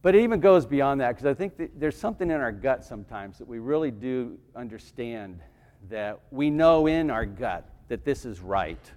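A deacon giving a conversational homily in church, with restarts and asides. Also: male voice, medium pitch, lively intonation, moderate pace, a little mellow. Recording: reverberant church hall.

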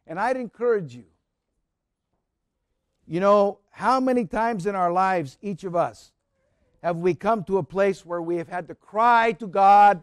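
A man preaching a sermon in a storytelling way, rising to fervent cries and then dropping soft. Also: sits high, a little slow, long pauses, no echo, studio quality. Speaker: pastor.

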